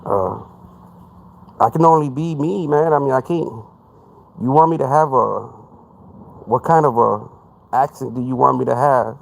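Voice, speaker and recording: A man's voice: mid-range voice, measured pace, creaky, long pauses. A man with a Texan accent hosting a live podcast, talking in a rambling monologue that stumbles over repeated words and keeps saying "man.". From Texas. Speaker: podcast host.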